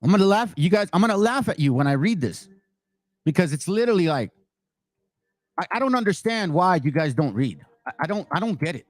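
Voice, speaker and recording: A man's voice: high voice, very animated, a little fast, no echo, studio quality. A man giving casual reaction commentary, blunt and mocking, swearing freely. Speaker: online commentator.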